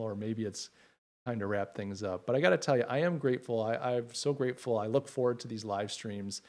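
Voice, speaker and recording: A middle-aged livestream host talks straight to his audience from home, his voice at a normal middle pitch. He speaks sincerely but haltingly, dropping in lots of little fillers.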